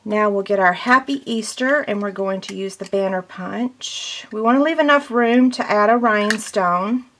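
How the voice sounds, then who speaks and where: A woman's voice: mid-range voice, normal speed, hardly any pauses, fairly bright tone. Woman craft demonstrator, casual how-to delivery, mid-range voice, faint noise floor. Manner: chatty, step-by-step, self-deprecating.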